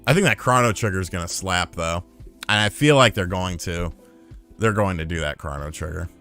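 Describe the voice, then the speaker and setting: Here the thirty-something man has a mid-range, slightly bright voice. He runs a laid-back livestream, spinning profane, meandering stories and welcoming each new member with thanks.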